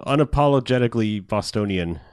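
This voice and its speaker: Laughing, rambling man with a lowish voice. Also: a little fast, clear, resonant tone, no room sound, clean studio sound. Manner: rambling, animated, laughs often, restarts. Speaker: podcast host. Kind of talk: casual movie review chat.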